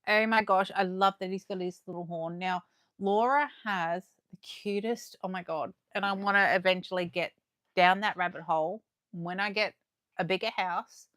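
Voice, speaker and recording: A woman chatting excitedly to viewers as she unboxes collectibles live, her voice going a little hoarse. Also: on the low side, moderate pace, dry recording, studio quality. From Australia. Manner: chatty and excitable, gasping and laughing, talking to viewers. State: losing her voice. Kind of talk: casual live unboxing chat.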